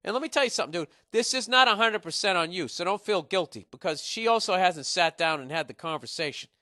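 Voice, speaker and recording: A man in his forties hosts a podcast, ranting blunt, profane advice with lots of restarts. His voice is bright and a little high, with a sharp edge. The room sound is dry and close. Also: lively intonation, quick pace, dry recording. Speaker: podcast host. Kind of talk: casual comedic advice rant.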